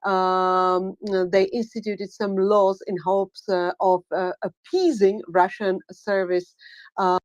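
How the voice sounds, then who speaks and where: A woman hosting a live online audio chat, talking haltingly with many filler sounds and growing excited. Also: medium pitch, no room sound, lo-fi sound. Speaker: host.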